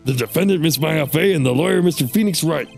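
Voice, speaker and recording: A man's voice: a little high, fast talker, gravelly, faint music behind, pitched above the performer's own voice. A man voicing an eager, dim-witted male police detective who keeps saying sir. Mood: earnest.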